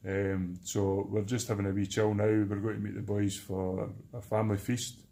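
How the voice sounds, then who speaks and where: A man's voice: lowish voice, level tone, normal speed, gravelly, dark tone, a little hiss or hum. A man with a Scottish accent chatting in a jokey, rambling way in a casual vlog before a charity trek. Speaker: charity trekker.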